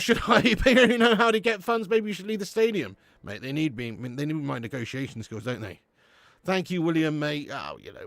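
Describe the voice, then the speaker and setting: A man from Dorset, England, with a southern English accent and a slightly high voice, hosts a live watch-along stream with no room sound. He reads the live chat and banters casually, slangy, swearing and laughing.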